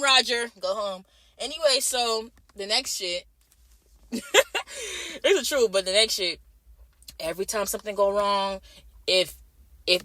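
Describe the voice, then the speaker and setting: A young woman nurse rants fast in a vlog, blunt and full of swearing. Her voice is bright and sharp, and she repeats lines over and over. The sound is dry and close. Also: mid-range voice, no room sound. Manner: blunt, repetitive, heavy swearing. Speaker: night-shift nurse. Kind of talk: profane ranting vlog.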